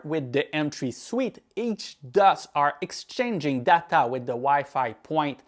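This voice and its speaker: Man with a Quebec French accent. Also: on the high side. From Quebec, Canada. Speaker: tech product reviewer. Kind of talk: scripted product review.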